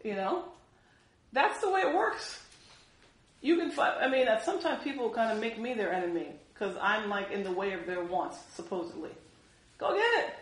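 A woman preaching a sermon in an animated way, acting out the voices she quotes. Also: a little high, normal speed, echoey room, low-quality recording.

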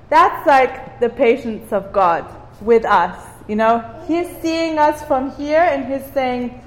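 A woman's voice: high voice, expressive, slow. A woman from Cyprus leading an informal devotional talk for a small group. She engages her listeners with questions and repeats words for emphasis. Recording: roomy hall with long reverb.

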